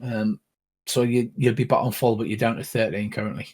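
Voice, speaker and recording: A man's voice: fairly low pitch, darkish tone, husky. Rambling older man running a tabletop game. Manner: rambling, halting explanations with many fillers. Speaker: game master.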